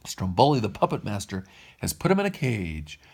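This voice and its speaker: A man's voice: fairly low pitch, wildly swooping pitch, normal speed, gravelly, full character voice. A man voicing a small male cricket in a storybook read-aloud, urgent and pleading.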